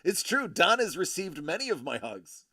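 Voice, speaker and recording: Animated, jokey male stream host. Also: high-pitched, no echo, clean studio sound. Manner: jokey, teasing, animated, quick asides. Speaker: livestream host, collector. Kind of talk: casual livestream chat.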